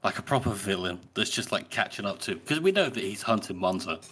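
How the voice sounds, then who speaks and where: A man's voice: lowish voice, lively intonation, brisk, fairly bright tone, husky. A man co-hosting a podcast, enthusiastically discussing a novel and reading passages from it. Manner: enthusiastic, reads quoted passages aloud. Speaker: podcast co-host. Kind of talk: casual book discussion.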